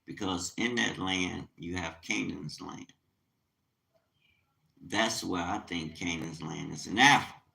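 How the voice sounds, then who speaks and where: A man's voice: low-pitched, slow, vocal fry, sharp tone, poor audio. A man teaching the Bible on a livestream, reading scripture aloud and commenting with urgent, emphatic preaching.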